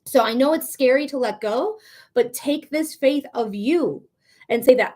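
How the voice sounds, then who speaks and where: A woman's voice: high-pitched, a little slow, a little mellow. A woman giving live tarot readings on a stream, chatty and encouraging, talking straight to her viewers. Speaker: psychic reader.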